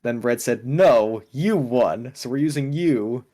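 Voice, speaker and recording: A man who chats casually on a stream, joking in a rambling, deadpan way. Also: mid-range voice, unhurried. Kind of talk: casual gaming chat.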